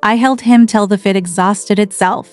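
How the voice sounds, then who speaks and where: A woman's voice: mid-range voice, steady tone, moderate pace, darkish tone, no echo. Woman narrating a classic novel. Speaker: audiobook narrator. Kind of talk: literary narration. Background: faint background music.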